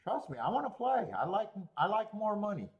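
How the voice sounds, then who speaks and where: A man hosting a horse racing betting livestream, chatting casually in an animated way, swearing, laughing and rambling with restarts. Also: sits high, a little fast, breathy edge, lo-fi sound.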